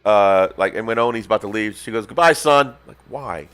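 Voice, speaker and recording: A man co-hosting a casual chat, telling a story with lively impressions. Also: fairly quick, music in the background. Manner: animated storytelling, swings into loud high impressions. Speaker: podcast co-host. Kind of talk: casual chat while painting miniatures.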